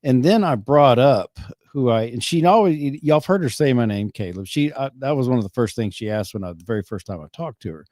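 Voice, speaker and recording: Mellow, rambling middle-aged man. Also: medium pitch, expressive, dry recording, clean studio sound. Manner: rambling, halting, self-correcting. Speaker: podcast host. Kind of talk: casual chat.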